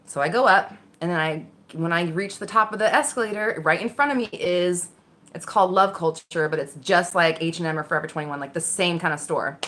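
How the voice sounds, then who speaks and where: A woman telling a personal story casually, candid and animated, swearing freely and acting out the voices in her head. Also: on the low side, brisk. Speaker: vlogger.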